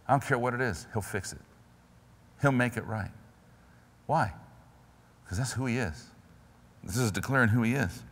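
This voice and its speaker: A man preaching a sermon, building from quiet earnest pleading to loud fervent declarations. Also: medium pitch, animated, normal speed, pauses often, big-room sound.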